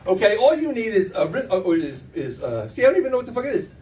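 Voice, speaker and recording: Recorded poorly from far away, a middle-aged comedian with a high voice talks fast through his club set. He tells animated stories full of restarts as laughter rises from the crowd.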